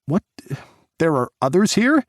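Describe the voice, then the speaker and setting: A man's voice: on the high side, very animated, slow pace, a little mellow, no echo, clean studio sound, voice pushed up, full character voice. A man voicing an easygoing young man with a Southern American cowboy twang. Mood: playful.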